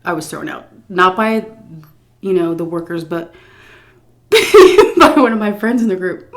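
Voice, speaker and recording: A woman's voice: on the low side, big pitch swings, a little slow, noisy background. A woman vlogger telling a casual story-time tale, laughing often, blunt and profane, and embarrassed at herself. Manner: self-mocking, embarrassed confessional tone.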